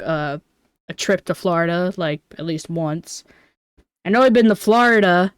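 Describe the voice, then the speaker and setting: A woman's voice: lowish voice, darkish tone, smooth, no room sound, studio quality. A young woman streamer chatting casually and self-deprecatingly during a game, with lots of fillers. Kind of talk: casual gaming chat.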